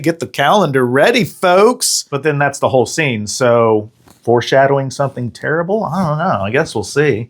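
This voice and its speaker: Sarcastic man recapping a movie. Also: mid-range voice. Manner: sarcastic, jokey. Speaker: host.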